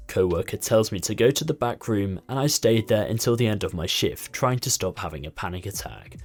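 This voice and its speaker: A man with a fairly low voice reads a story aloud, his pitch moving a lot as he tells it. The delivery is expressive and steady. Quiet music plays faintly underneath. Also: brisk, few pauses. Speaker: narrator.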